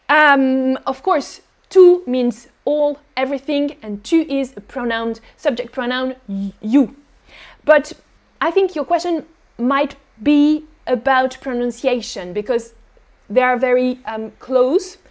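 High-voiced French woman teaching French. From France. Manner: explains patiently, repeats examples slowly. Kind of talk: live-streamed language lesson.

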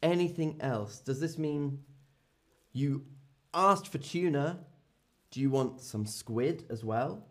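A man teaching a classroom language lesson, drilling short phrases over and over and calling on students. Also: medium pitch. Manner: very slow, repetitive, lively and exaggerated intonation. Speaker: English teacher.

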